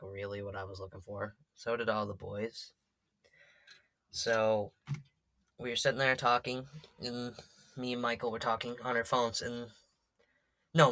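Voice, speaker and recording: A man's voice: mid-range voice, bright, forceful tone, no room sound. A teenage boy casually telling a story as a vlogger, rambling with lots of fillers and swearing. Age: teens.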